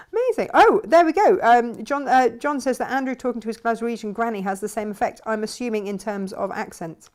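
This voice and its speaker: A woman's voice: a little high, normal speed, darkish tone. Chatty woman hosting a shop stream. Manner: chatty, reads out viewer comments, laughs often. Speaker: host of a live fabric shop stream. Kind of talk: casual live-stream chat.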